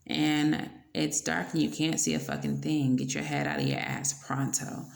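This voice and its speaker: A woman giving a casual tarot reading, blunt and playful, swearing now and then between soft fillers. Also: low voice, little pitch movement, normal speed, vocal fry, roomy sound. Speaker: tarot reader.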